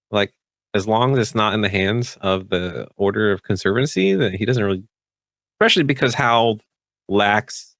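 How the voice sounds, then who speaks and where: A man's voice: fairly low pitch, vocal fry, a bit bright, no echo, clean studio sound. A man who is a tabletop game player, chatting casually about the campaign, rambling with many fillers and restarts.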